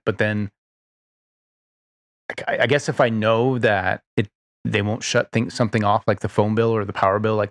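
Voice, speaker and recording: A man with a lowish voice hosts his own podcast, chatting casually on his own in a rambling, profane way full of "like" and "you know." The recording is clean studio sound with no echo.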